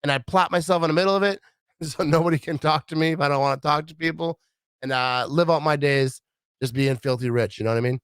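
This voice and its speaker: A man's voice: on the high side, quick pace, smooth, no room sound, clean studio sound. A middle-aged man from Wisconsin rambling casually in a vlog, acting out what others said. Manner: rambling, animated, acts out quoted voices. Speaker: vlogger.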